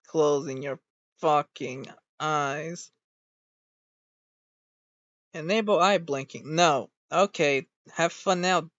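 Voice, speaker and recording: A VTuber streamer chatting casually in a rambling way, swearing freely and getting irritated quickly. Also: medium pitch, a bit bright, dry recording. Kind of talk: casual stream reaction chat. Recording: dull, dry home recording.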